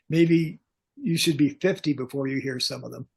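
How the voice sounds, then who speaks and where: An older man with a gravelly, husky voice sitting a little higher than most men. He tells his tales bluntly and with humor, as a guest on a video-call interview. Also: moderate pace. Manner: blunt, joking, animated anecdotes. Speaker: guest, pyrotechnics technician. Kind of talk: casual storytelling interview.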